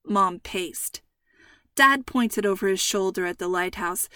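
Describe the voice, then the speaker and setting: A woman narrates a story with clear, even delivery. Her voice sits at a middle pitch, recorded close and dry. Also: measured pace, dry recording, far from the mic. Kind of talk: scripted narration.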